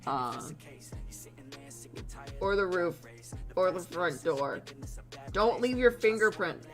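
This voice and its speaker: Young woman streamer, slow rambling chat, low voice, giggly, faint music underneath. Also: animated. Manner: rambling, giggly, swears casually. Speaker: streamer drawing a storyboard. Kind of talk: casual chat while drawing.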